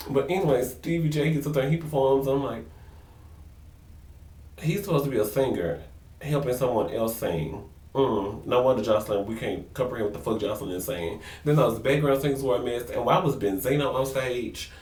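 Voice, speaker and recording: A man's voice: mid-range voice, normal speed, darkish tone, distant mic. A man casually recapping a reality show episode, sassy and gossipy, slipping into mocking impressions. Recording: roomy echo, a bit off-mic.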